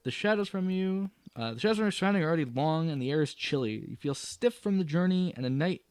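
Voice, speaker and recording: A man's voice: fairly high pitch, expressive, quick pace, a little mellow, clear, resonant tone, no echo. A man playing a solo tabletop game, reading the adventure aloud and often stopping to correct his own slips. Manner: self-correcting, stumbles and rereads words.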